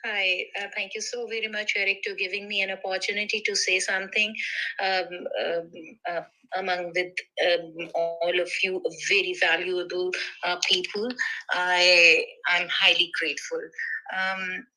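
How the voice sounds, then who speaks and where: A woman speaking as a guest on a group call, her voice very bright. She is polite and hesitant, pausing often and filling gaps as she thanks everyone. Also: lowish voice, flat delivery, low-quality recording. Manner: hesitant, polite, many fillers. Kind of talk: casual call remarks.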